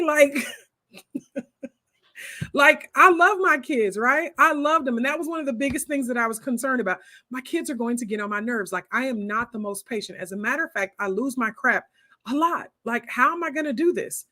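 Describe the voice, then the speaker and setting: A woman's voice: on the high side, normal speed. A woman, hosting a casual homeschooling chat and talking straight to her viewers with lots of asides. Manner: animated, talks straight to viewers with many asides. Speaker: homeschooling host answering viewer comments.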